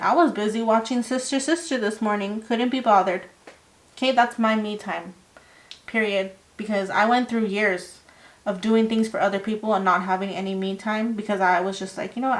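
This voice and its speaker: Tarot reader, female, slightly high voice; casual, emphatic, talks straight to camera. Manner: chatty, emphatic, lively asides and mock quotes.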